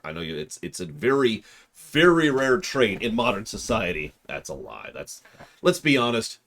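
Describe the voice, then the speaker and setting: Working through puzzles out loud, a deep-voiced man with a slightly bright tone rambles to his viewers while streaming a game in relaxed commentary.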